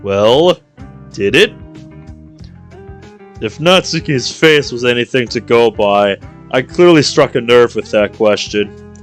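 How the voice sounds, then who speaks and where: A man's voice: medium pitch, a little slow, soft background music. A man streaming a visual novel, reading it aloud and reacting with jokes. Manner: playful, reacts with jokes and laughter.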